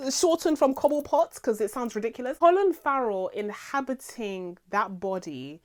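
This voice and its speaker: A woman's voice: a little high, animated, moderate pace, hardly any pauses. A young adult woman hosting a casual series review, enthusiastic and laughing often, with many fillers. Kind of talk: casual chat.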